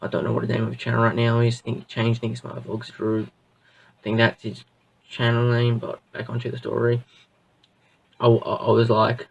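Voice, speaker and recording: A man's voice: mid-range voice, completely flat delivery, normal speed, vocal fry, slightly rough, distant mic, poor audio. A man reviewing a show in a casual, rambling way, full of fillers and restarts. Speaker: video reviewer.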